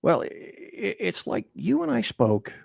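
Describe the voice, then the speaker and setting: Animated male talk radio host. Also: high voice, a little slow, gravelly, no room sound, studio quality. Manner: animated, rambling, self-interrupting.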